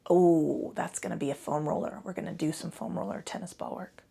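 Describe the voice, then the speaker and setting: A woman guides a relaxed yoga class into a microphone, her voice low and gravelly. She talks loosely and swears freely, drifting into asides. She sounds tired from a short night. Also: fairly quick, in a whisper. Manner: chatty, profane, rambling asides. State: tired from little sleep. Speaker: yoga instructor.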